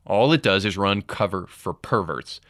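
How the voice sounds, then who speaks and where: A man's voice: deep voice, animated, moderate pace, fairly bright tone, no echo, studio quality. A man hosting a podcast, giving opinion commentary and reading passages aloud before riffing on them. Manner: reads quotes aloud, then riffs. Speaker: podcast host.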